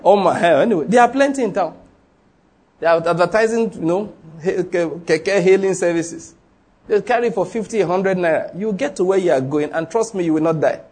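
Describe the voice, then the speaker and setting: A man's voice: high voice, normal speed, a little mellow. A man with a Nigerian accent preaching a sermon, emphatic and full of rhetorical questions, acting out the people in his story.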